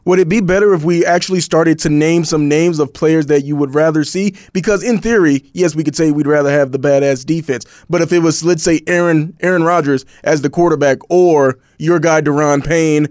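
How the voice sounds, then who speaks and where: A man's voice: on the high side, steady tone, fairly quick, hardly any pauses, darkish tone, no room sound, clean studio sound. A man co-hosting a sports talk radio show, asking questions and making reasoned points. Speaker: radio co-host.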